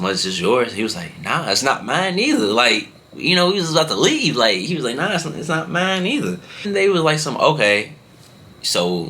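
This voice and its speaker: A young man vlogger telling a story in casual slang. His voice jumps up in pitch when he acts out what people said. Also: a little hiss or hum. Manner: animated, slangy, jumps high in pitch when acting out quotes.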